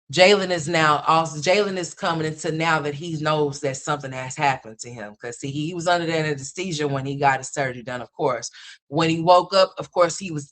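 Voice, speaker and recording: Rambling mom chatting on a livestream. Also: female voice, low-pitched, a bit bright. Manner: rambling, repetitive storytelling with restarts; addresses viewers as y'all and honey. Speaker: livestream host and mother. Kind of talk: casual livestream chat.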